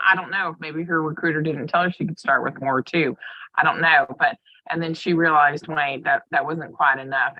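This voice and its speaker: Earnest man, bright voice, muffled sound. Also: a little high, no room sound. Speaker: meeting participant. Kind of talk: casual group sharing.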